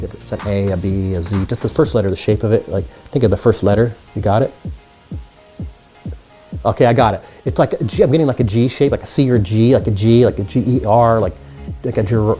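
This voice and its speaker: Fast-talking man teaching magic tricks. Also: mid-range voice, animated, mellow, soft background music. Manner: upbeat, chatty, talks straight to the viewers. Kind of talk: casual magic tutorial.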